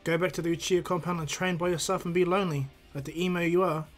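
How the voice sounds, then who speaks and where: Man voicing a hot-headed teen ninja boy, bossy, scolding, lecturing, slightly high voice. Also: little pitch movement, soft background music, natural voice. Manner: bossy, lecturing, quick-tempered.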